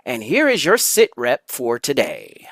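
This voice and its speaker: Rowdy, shouting show host, slow-paced. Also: mid-range voice, wildly swooping pitch, no room sound. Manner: exuberant, shouting, crude and joking. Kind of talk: loud rambling podcast intro.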